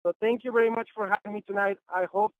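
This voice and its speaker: A man's voice: high voice, steady tone, fast talker, no room sound. A man giving an enthusiastic, repetitive sales testimonial as a guest on a phone-in conference call. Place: Los Angeles. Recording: tinny phone line.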